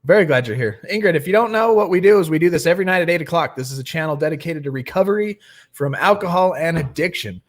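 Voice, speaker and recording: A man's voice: on the high side, animated, fast talker. A young man hosting a nightly recovery livestream, chatting casually and greeting viewers by name.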